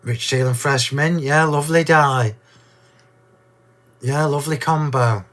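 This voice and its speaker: A man hosting a card-making demonstration, chatty and gushing, a little hoarse from losing his voice. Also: fairly high pitch, unhurried, a bit bright. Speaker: crafting demo host.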